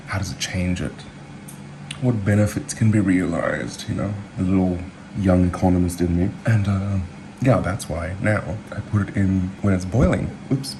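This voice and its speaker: A man's voice: sits low, background noise. A man from New Zealand who hosts his own cooking video, chatting in a loose, rambling way full of asides and filler words. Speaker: home cook vlogger. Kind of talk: casual cooking chat.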